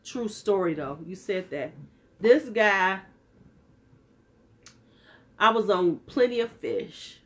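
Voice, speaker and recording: A woman's voice: mid-range voice, lively intonation, slow, pauses often, a bit bright. Sassy woman in her fifties. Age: 50s. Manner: sassy, candid, joking. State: slightly worn-out voice. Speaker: vlogger. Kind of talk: casual livestream chat.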